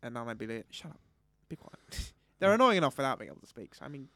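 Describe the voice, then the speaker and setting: A young man co-hosting a casual podcast chat, telling animated stories and breaking into loud comic impressions. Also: medium pitch, very fast, no room sound, studio quality. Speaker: podcast co-host. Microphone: studio microphone.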